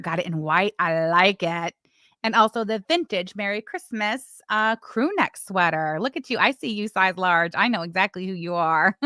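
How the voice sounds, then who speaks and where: A woman's voice: mid-range voice, bright, forceful tone, dry recording, clean studio sound. A woman hosting a casual livestream, chatting and reading messages with sarcastic asides. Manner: chatty, sarcastic, talks to chat while doing other things. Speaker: livestream host.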